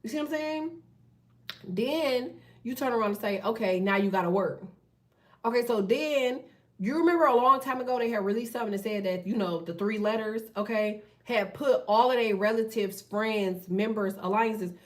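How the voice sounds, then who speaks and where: A woman hosting a tarot channel, talking in a blunt, profane, fast casual rant. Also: fairly high pitch, far from the mic. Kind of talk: casual ranting monologue.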